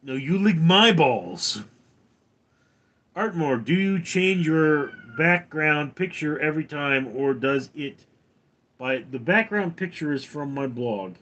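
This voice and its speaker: Brief: a slow, deadpan male streamer with a lively pitch, answering his chat from home. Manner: dry, deadpan, reading chat names aloud. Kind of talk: casual live-stream chat.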